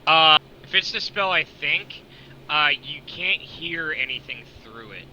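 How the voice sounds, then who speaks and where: A man narrating a tabletop game as game master in a relaxed, casual way, swearing and laughing often. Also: on the high side, a little slow, a little hiss or hum, rough recording.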